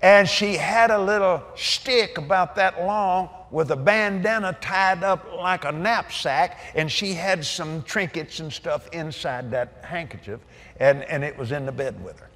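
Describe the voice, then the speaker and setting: A man's voice: a little high, unhurried, fairly bright tone. An older man preaching, telling a story with laughter and folksy asides. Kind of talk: sermon storytelling. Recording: echoey hall reverb.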